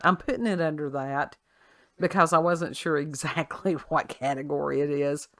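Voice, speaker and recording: A woman's voice: low voice, normal speed, fairly bright tone, no echo, clean studio sound. A woman hosting a casual talk show, reading a news story aloud with sarcastic asides and frequent laughs. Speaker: podcast host. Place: at home with her child nearby.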